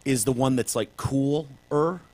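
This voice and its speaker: A man's voice: medium pitch, unhurried, darkish tone. A man co-hosting a casual comedy podcast, telling stories in a jokey way and now and then slipping into silly put-on accents. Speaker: podcast co-host.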